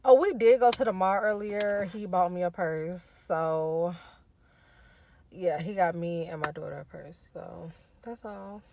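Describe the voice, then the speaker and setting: A woman's voice: lowish voice, measured pace, gravelly, warm tone, a little hiss or hum. A woman vlogging casually and venting her frustration with lots of swearing. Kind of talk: casual vlog check-in. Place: tire shop, then hotel.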